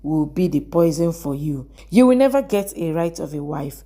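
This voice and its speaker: Vengeful young man read by a woman narrator, low-ish and level, drama recap. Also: animated, moderate pace, warm tone. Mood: bitter. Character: angry vengeful young man forcing a wedding.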